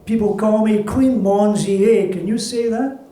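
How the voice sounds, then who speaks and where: A woman's voice: medium pitch, a little slow, mellow, voice pushed up, close to an everyday voice. A man voicing an old woman accordionist, a folksy, teasing grandmother who bosses everyone around her. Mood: commanding. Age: older. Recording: roomy, distant live reading.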